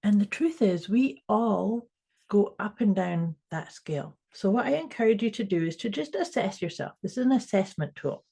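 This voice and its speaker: A woman with a Scottish accent, co-hosting a casual podcast chat remotely, playful and quick to laugh. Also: mid-range voice, animated, vocal fry, slightly rough. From Scotland. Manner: warm, playful, laughs often. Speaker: podcast co-host. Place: home in Canada, remote call.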